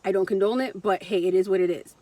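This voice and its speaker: A woman's voice: medium pitch, fairly even intonation, fast, mellow, no room sound. A young adult woman vlogger telling a casual story, blunt and profane, acting out what other people said.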